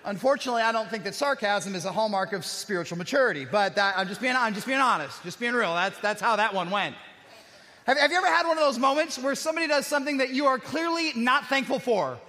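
A man's voice: extremely high pitch, expressive, fast talker, bright, forceful tone. A man preaching a sermon, telling personal stories with self-deprecating humor and rhetorical questions. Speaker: pastor. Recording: echoey hall with long reverb.

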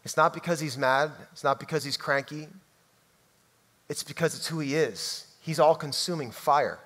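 A man preaching a sermon in a church, emphatic and swinging between loud outbursts and hushed lines. His voice sits high for a man, and the room rings with a long reverb. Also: normal speed. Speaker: pastor.

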